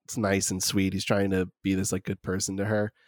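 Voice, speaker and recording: A man with a fairly low voice talks through a film scene in a relaxed, rambling way. He leans on filler words as he thinks. The recording is dry and close. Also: a little fast, dry recording. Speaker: film discussion co-host. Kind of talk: casual film discussion.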